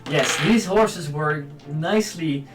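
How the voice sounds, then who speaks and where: A man with a Dutch accent narrating a tabletop game as game master, slow and hesitant with fillers. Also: fairly high pitch. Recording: echoey room, distant mic, faint music.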